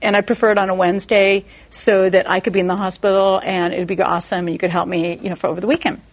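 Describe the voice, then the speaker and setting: Husky woman preaching with animated stories. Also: quick pace. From Texas, USA. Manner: animated storytelling, acting out quoted voices with big pitch jumps. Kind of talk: sermon with personal storytelling.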